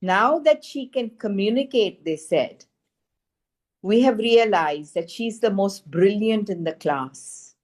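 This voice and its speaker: A woman's voice: medium pitch, lively intonation, slow pace, a little mellow. A middle-aged woman, telling a personal story in an earnest, emphatic way and repeating phrases for stress. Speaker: spiritual teacher sharing a wellness testimonial. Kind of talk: conversational storytelling.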